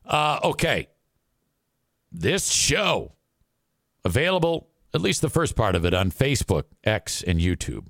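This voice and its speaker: A man's voice: medium pitch, very animated, a little slow, vocal fry, long pauses, a bit bright, dry recording. Middle-aged guy hosting a live stream, crude and sweary, rambles a lot, dry close mic. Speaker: live show host. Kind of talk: casual live-stream talk.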